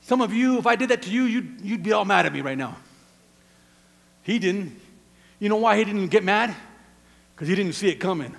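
Male pastor mid-sermon: high, gravelly voice, swings from hushed to shouting, long church reverb. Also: animated, moderate pace, pauses often. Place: church sanctuary.

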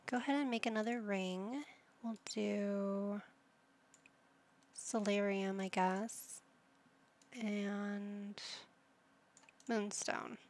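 Slow, gravelly-voiced woman gamer. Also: mid-range voice, steady tone, darkish tone. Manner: playful, silly made-up words, motherly coaxing. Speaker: gaming video host. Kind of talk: casual let's-play commentary.

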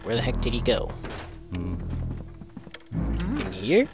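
A man's voice: fairly low pitch, huge pitch swings, drawn-out words, gravelly, darkish tone. A man giving casual, rambling commentary on a video game, full of sarcastic asides. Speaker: let's play commentator. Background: video game music.

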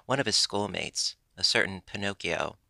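A man's voice: sits low, moderate pace, gravelly, pushed and bright, no room sound, exaggerated voice. A man voicing a little old man from a cottage who answers plainly. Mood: telling.

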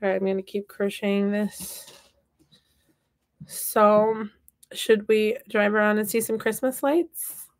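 A woman hosts a casual craft livestream from her home office, chatting and reading out viewer comments in a playful, upbeat way. Her medium-pitched voice is steady and slow, with frequent pauses.

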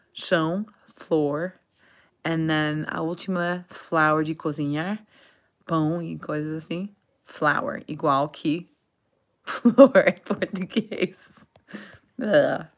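A woman's voice: deep voice, steady tone, gravelly. A woman teaching English on a casual live stream, reading viewer questions aloud, repeating words for pronunciation, slipping into Portuguese to explain. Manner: laughs often, repeats words slowly for pronunciation.

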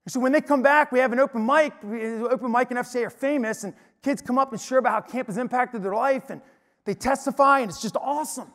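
High-voiced man preaching in a hall. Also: fast talker. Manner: energetic, storytelling, emphatic. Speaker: speaker. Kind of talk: preaching to an audience. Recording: long hall reverb.

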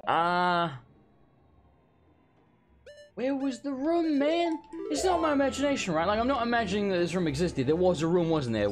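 A young man streaming a blind let's play, talking to himself as he gets lost and frustrated, swearing often. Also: on the high side. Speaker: gaming streamer. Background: game music.

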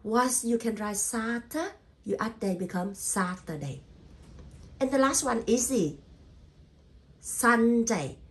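A woman's voice: fairly high pitch, unhurried. A woman teaching English spelling in a patient way, sounding out letters and syllables one by one and repeating each word, with simple non-native grammar. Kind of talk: spelling lesson.

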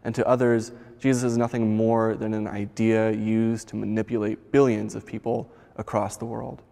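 A man telling a story and reflecting on it in a church service, calm and measured. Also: on the low side, gravelly, in a large hall.

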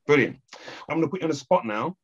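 A man interviewing a guest in a casual chat, encouraging him with frequent soft agreement. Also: a little high, animated, quick pace, husky. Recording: dull lo-fi sound.

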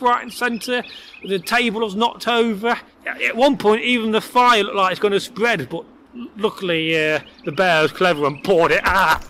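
Bright-voiced playful male storyteller. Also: high voice, a little hiss or hum. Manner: playful, with chatty asides to viewers. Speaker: host and storyteller. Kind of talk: folk tale storytelling.

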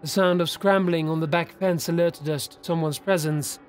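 A man narrating a horror story in a steady, serious storytelling voice. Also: a little high, normal speed. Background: faint background music.

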